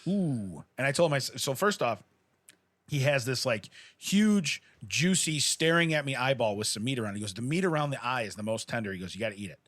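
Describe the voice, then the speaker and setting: A man's voice: medium pitch, animated, fast talker, fairly bright tone, no room sound. A middle-aged man co-hosting a podcast, telling a rambling story in casual chat, laughing often and acting out what people said. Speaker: podcast co-host.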